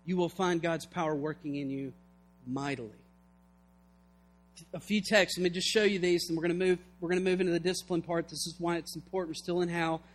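A man's voice: fairly high pitch, fairly even intonation, a little fast. A man preaching a sermon with fervor, reading scripture and acting out its scenes. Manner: fervent, acts out scripture scenes.

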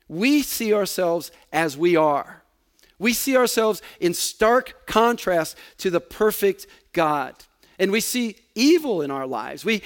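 A man preaching a sermon, repeating words for emphasis and letting his voice sink at the ends of phrases. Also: high-pitched.

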